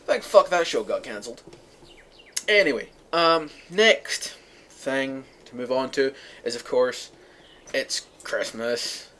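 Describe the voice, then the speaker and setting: A man's voice: medium pitch, slow, pushed and bright, slight background noise. A young man from the UK ranting sarcastically to his viewers, profane and exasperated. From United Kingdom. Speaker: vlogger. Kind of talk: ranting monologue to camera.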